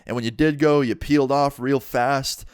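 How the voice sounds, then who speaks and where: A man's voice: medium pitch, fairly even intonation, moderate pace, smooth, no room sound, studio quality, close to an everyday voice. A man doing a stern suspicious cop. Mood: probing. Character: stern suspicious male police officer.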